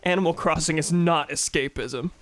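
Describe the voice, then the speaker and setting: A man's voice: on the high side, normal speed, no room sound. Joking young man streaming a game. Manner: joking, swears, reads game dialogue aloud. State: sore throat. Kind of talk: casual gaming commentary.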